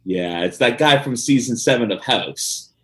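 A man's voice: medium pitch, animated, measured pace, a bit bright. A man co-hosting a podcast in casual chat, joking, laughing often and rambling with fillers. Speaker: podcast co-host.

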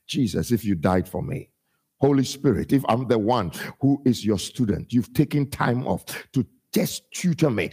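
A man preaching a sermon, with a chanting cadence that climbs into shouts and then drops low and quiet as he quotes scripture. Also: animated, normal speed, breathy edge. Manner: sing-song preaching cadence, rising to shouts and dropping low when quoting scripture. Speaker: pastor.

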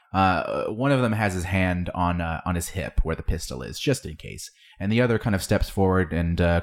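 Deep-voiced game master, hesitant narration. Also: male voice. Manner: hesitant narration with many fillers.

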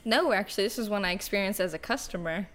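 A young woman co-hosts a podcast, telling a story in casual conversation with a mid-range voice at a quick pace. She's an animated storyteller who uses lots of fillers and acts out the quotes.

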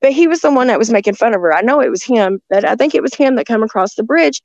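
A woman telling stories in a rambling, halting way, with many restarts, talking from a rural home near the woods. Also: fairly high pitch, animated, darkish tone, no room sound, lo-fi sound. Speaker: guest telling encounter stories. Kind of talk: casual storytelling on a call-in show.

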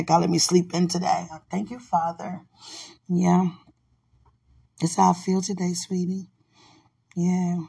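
Husky, gravelly woman, playful and teasing. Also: on the low side, darkish tone. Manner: playful, teasing, laughing often. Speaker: podcast host. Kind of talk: casual prayer and affectionate banter.

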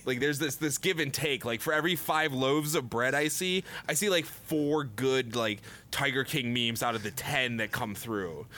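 A man co-hosting a casual podcast, ranting loudly and laughing often. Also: mid-range voice, normal speed, hardly any pauses. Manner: loud, animated ranting with frequent laughs. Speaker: podcast co-host. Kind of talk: casual profane podcast banter.

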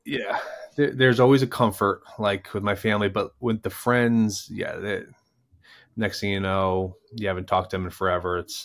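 A man's voice: lowish voice, normal speed, creaky. A man in his thirties, a former baseball player co-hosting a podcast, telling stories in a casual chat. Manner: storytelling, animated anecdotes.

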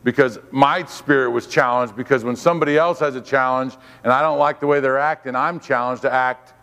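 A man's voice: mid-range voice, steady tone, a little fast, a bit bright, big-room sound. A man giving a sermon as a guest preacher, fervent and repetitive, calling on the congregation to respond. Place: church.

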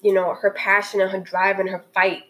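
A woman's voice: medium pitch, completely flat delivery, moderate pace, fairly bright tone, low-quality recording. Earnest woman gushing about a film. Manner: earnest and emotional, many restarts. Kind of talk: casual spoken film review.

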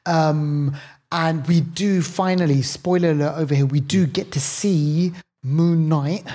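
A man's voice: on the high side, steady tone, unhurried, mellow. A man from England co-hosting a film podcast, talking in a rambling way with many fillers and restarts. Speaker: podcast co-host. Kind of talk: casual film review chat.

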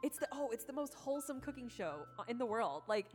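A woman's voice: fairly high pitch, lively intonation, fast. A woman co-hosting a casual coffee chat, rambling through her explanations, laughing often and leaning on filler words. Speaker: co-host of a coffee tasting chat. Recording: long hall reverb, music behind.

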